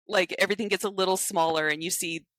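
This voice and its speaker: A woman's voice: fairly low pitch, quick pace, no room sound. A woman chatting casually on a podcast, retelling a film scene by scene and acting out the lines as she goes. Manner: animated storyteller who acts out quotes.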